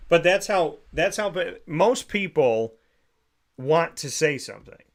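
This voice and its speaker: A man's voice: fairly high pitch, animated, a little slow. A man hosting a sports talk show, ranting emphatically and preaching, often repeating phrases for effect. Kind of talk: opinionated podcast rant.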